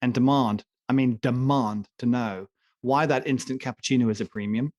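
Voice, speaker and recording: A man's voice: mid-range voice, normal speed, a little mellow, no echo, dull audio. A man co-hosting a casual talk show, ranting emphatically and joking as he makes his case. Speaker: podcast co-host. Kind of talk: opinionated casual chat.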